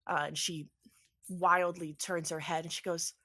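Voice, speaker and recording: Woman running a tabletop game, low-ish voice, lots of ums, kinda rambly. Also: level tone, measured pace, a bit bright, breathy edge. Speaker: game master.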